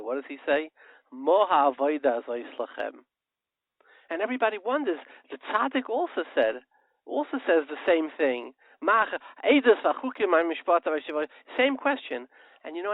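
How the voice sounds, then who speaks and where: A man with a high-pitched voice delivers a passionate, sermon-like monologue as a radio host. He keeps asking rhetorical questions and slips into parables. The sound is thin and tinny, like a phone line, and very dry. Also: no echo.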